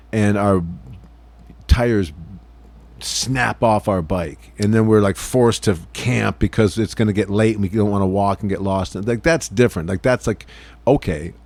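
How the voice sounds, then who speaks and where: A man's voice: fairly low pitch, unhurried, darkish tone, no room sound. A man co-hosting a podcast in casual chat, rambling with dry jokes. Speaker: podcast co-host.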